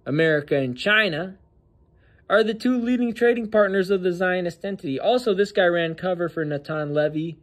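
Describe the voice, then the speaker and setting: Casting: male host, casual commentary, mocking and slangy, slightly high voice.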